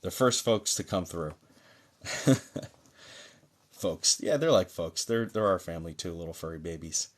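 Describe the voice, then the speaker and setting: A man's voice: low-pitched, lively intonation, unhurried, long pauses. A man hosting a live-streamed mediumship session, talking chattily and reassuringly to viewers, with many fillers. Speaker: psychic medium host. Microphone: phone or desk mic on a live stream.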